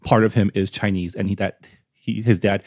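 Low-voiced man analysing a book, dry sound. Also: steady tone, moderate pace, darkish tone, dry recording. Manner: analytical, often ends points with "right?". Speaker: book discussion co-host. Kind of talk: casual chat.

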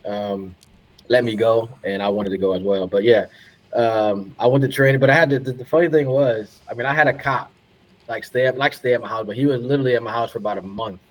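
A man, a guest on a podcast, telling stories in a relaxed way, laughing often and repeating words for emphasis. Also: mid-range voice, fast, poor audio. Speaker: podcast guest, retired pro soccer player. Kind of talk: casual storytelling.

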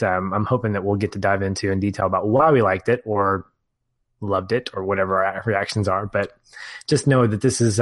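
A man's voice: on the low side, no room sound. A man hosting a film podcast, upbeat and giggly, rambling a little as he leads the conversation. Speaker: podcast host. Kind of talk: casual podcast chat.

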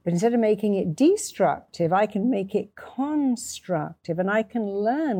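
Mellow-voiced woman host. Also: medium pitch, lively intonation, a little slow, few pauses, no room sound. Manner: effusive, praising, explains with examples. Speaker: interview host. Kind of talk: interview conversation.

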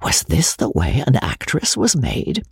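Low, husky woman reading a novel. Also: no echo, studio quality. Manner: measured, expressive literary reading. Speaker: audiobook narrator. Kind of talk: scripted narration.

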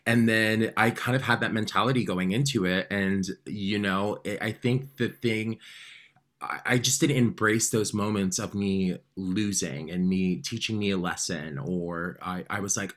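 A man speaking as a guest in a candid interview, talking openly with many restarts and loudly acting out his own inner voice. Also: fairly low pitch, a little slow. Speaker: podcast guest, drag performer.

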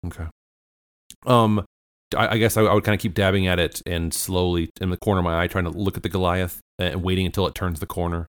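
A man plays in a tabletop game, talking hesitantly with stumbles and bursts of laughter. His voice is very deep. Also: steady tone, fast talker. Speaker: player.

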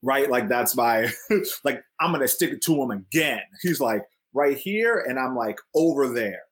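A man's voice: mid-range voice, a little slow, husky. Man telling a childhood story. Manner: animated, acts out quotes, laughs often. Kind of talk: casual storytelling.

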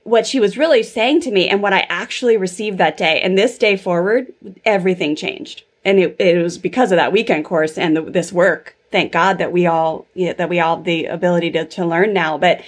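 A woman's voice: on the low side, fairly quick. A woman in her thirties hosting a podcast, telling a personal story in a chatty way full of fillers. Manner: chatty, filler-heavy storytelling with lots of 'like' and 'super'. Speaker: podcast host. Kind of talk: casual interview chat.

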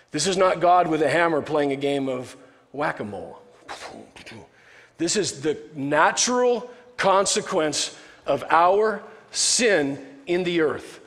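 A man with a fairly high voice preaches a sermon in a casual, joking manner and often restarts his sentences. The recording carries a long reverberant tail, as in a large hall. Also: expressive, unhurried, a bit bright. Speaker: pastor.

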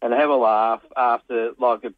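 A man's voice: medium pitch, fairly even intonation, moderate pace, no room sound. A man, a small business owner chatting casually on the radio, easygoing and chatty, often repeating words. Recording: tinny dry phone line.

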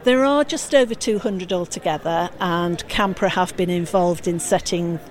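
Firm woman with a lowish voice. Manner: firm, quick to correct. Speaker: campaign group spokesperson. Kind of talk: interview answers.

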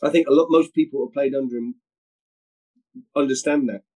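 A middle-aged man spins stories from his playing days in an animated, tumbling way, stumbling over repeated words as he goes. His voice sits at an everyday pitch for a man. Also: a little fast, poor audio. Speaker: guest, former footballer. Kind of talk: storytelling anecdotes in conversation.

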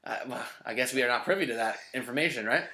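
A man chats about baseball as a podcast co-host, talkative and teasing, often breaking into laughter. His voice is bright and forceful, and the recording has a roomy echo around it. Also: medium pitch, fast, slight background noise. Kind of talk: casual sports podcast chat.

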